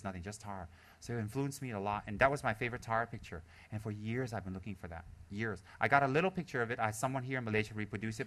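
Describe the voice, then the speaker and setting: A man giving a Buddhist dharma talk in a casual, chatty way. He tells animated personal stories and is quick to laugh at himself. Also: on the low side. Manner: casual and self-deprecating, with restarts. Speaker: Buddhist teacher.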